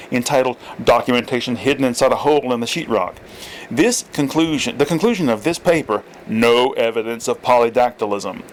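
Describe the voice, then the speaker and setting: A man reading a comic story aloud in a dry, deadpan way, now and then correcting himself. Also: medium pitch, slight background noise, rough recording. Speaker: reader.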